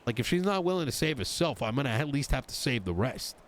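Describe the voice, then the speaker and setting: This roleplayer plays a politician in an online session, cursing in frustration while recounting a dispute and quoting what was said. He talks quickly in a mid-range, animated voice. There's a slight hiss or hum underneath.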